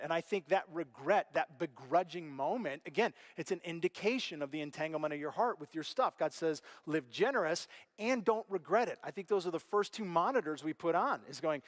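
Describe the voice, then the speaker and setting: A middle-aged male pastor preaching a sermon, telling stories with animated delivery and acting out voices, dropping to a hush and rising again. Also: high voice, fast talker, in a large hall. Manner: animated storytelling, acts out quoted voices, big swings from loud to hushed. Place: church auditorium.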